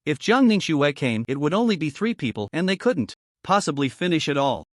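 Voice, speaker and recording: Animated man narrating a story. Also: fairly high pitch, a little fast, no echo, studio quality. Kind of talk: scripted narration.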